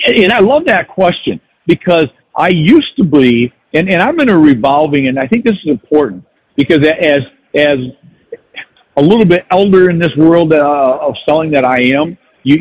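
A man's voice: a little high, expressive, moderate pace, slightly rough, dull audio. An older man, a sales professional and podcast guest, telling stories in a reflective way with many restarts. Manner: reflective storytelling with frequent restarts. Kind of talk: casual podcast conversation.

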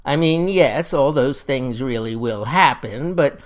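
A man's voice: medium pitch, lively intonation, unhurried, natural voice. A man playing a pompous, folksy Mississippi farmer, holding forth in a satirical comic monologue.

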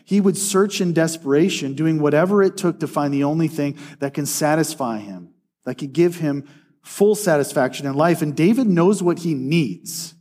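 An earnest man delivers a sermon, his voice sitting a little higher than most men's. He speaks with steady conviction. He slows down to read scripture aloud. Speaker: preacher.

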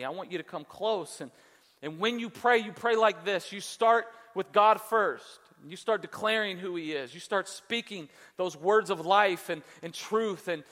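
Pastor, male, high voice, lively preacher, reverb-heavy hall. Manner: animated preacher, acts out quoted voices. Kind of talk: sermon.

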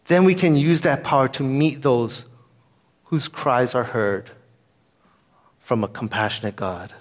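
A man's voice: medium pitch, a little slow. A man pastor giving a sermon in an earnest, conversational way, weaving in a personal story.

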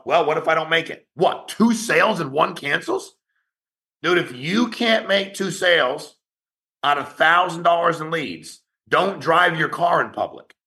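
A man who founded a company, giving a blunt, profane motivational talk to his sales agents in an online meeting, rapid-fire and challenging. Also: a little high, creaky, bright, forceful tone.

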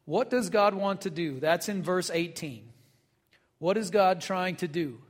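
High-voiced pastor in a reverberant hall. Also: male voice, unhurried. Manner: conversational, folksy asides, acts out quotes. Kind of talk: sermon.

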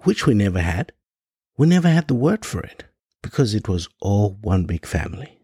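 A man's voice: on the low side, sing-song, moderate pace, mellow, breathy edge, dry recording, studio quality. A man from Africa giving an impassioned monologue, firing off rhetorical questions and stumbling over frequent restarts. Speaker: podcast host.

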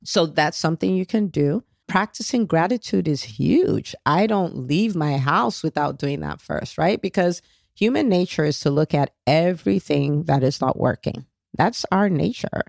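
Gravelly-voiced woman coaching listeners. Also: deep voice, animated, moderate pace, a little mellow, no echo, clean studio sound. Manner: coaching, direct, frequent "okay?" check-ins; faith-based encouragement. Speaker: podcast host. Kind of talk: motivational solo podcast talk.

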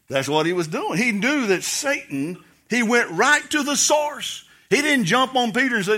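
A man's voice: sits high, big pitch swings, moderate pace, sharp tone. A man preaching a sermon as pastor, telling stories and acting out voices in the quotes. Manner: storytelling preacher, acts out quotes, laughs.

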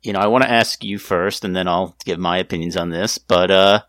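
A man hosting a casual podcast, joking and laughing easily, his voice jumping up in pitch when he jokes. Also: fairly even intonation, brisk, fairly bright tone, dry recording, studio quality. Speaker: podcast host.

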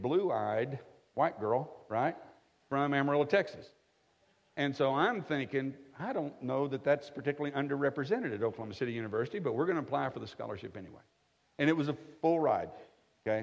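A middle-aged man preaching a conversational sermon with folksy jokes, often checking in with his listeners by asking "right?". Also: medium pitch. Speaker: pastor. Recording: echoey hall, slightly dull sound.

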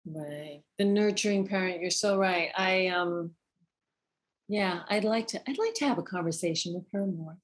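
A woman's voice: on the low side, moderate pace. A woman guest in an interview, talking thoughtfully about her work as an actor. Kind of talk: conversational interview.

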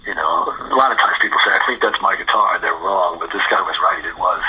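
An older man from New York tells stories as a guest, swearing freely. His voice is very bright and tense, with a breathy rasp to it. He speaks in a loose, conversational way. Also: low voice, quick pace, highs cut off. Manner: profane, lively anecdote-teller. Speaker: guest guitarist. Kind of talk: casual storytelling interview.

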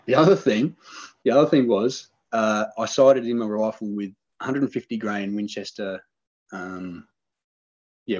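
A middle-aged man spins a long story in casual chat, lively and animated as he acts out what others said. His voice sits fairly low with a husky edge. The sound is muffled and lo-fi. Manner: animated, excited storyteller, acts out quoted lines. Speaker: podcast guest telling a hunting story.

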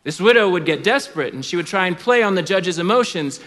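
A man's voice: high voice, animated, fast, fairly bright tone. A man preaching a sermon, telling a story dramatically and with animation. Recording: long reverb of a large hall.

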